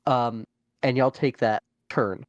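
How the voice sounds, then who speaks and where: A man narrates a tabletop dungeon crawl as its game master. He talks slowly and haltingly, with many fillers and restarts. His voice is mid-pitched and sits close and dry, with no room around it. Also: fairly even intonation, no room sound, muffled recording.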